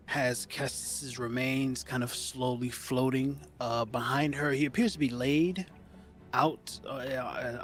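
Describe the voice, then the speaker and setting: A man narrating a tabletop game as game master in a loose, filler-heavy storytelling manner. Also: mid-range voice.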